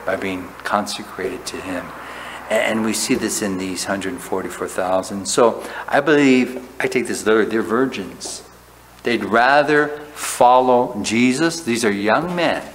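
In a hall with long reverb and faint room noise, a man delivers a sermon in a low, somewhat bright voice. He preaches like a pastor having a conversation, frequently tagging his points with "right?".

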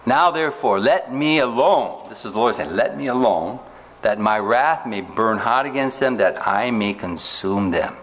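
A man preaching a sermon, reading scripture aloud slowly and stopping often to ask his listeners rhetorical questions. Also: lowish voice, animated, a bit bright, slight background noise. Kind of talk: sermon, Bible teaching.

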